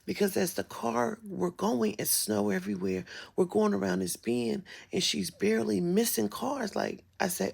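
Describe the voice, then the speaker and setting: Woman vlogger, casual live-stream storyteller, emphatic and profane, heavy vocal fry, husky. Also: medium pitch, fairly even intonation, normal speed, hardly any pauses, darkish tone. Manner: emphatic and profane, drops to a whisper at times. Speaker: spiritual vlogger.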